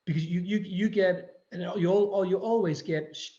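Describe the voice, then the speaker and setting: A man's voice: sits high, fairly even intonation, normal speed, dark tone. Danish-accented man, roomy dull sound. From Denmark. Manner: stop-start, repeating words while searching for them. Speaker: guest actor. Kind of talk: casual interview chat. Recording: roomy, slightly dull audio.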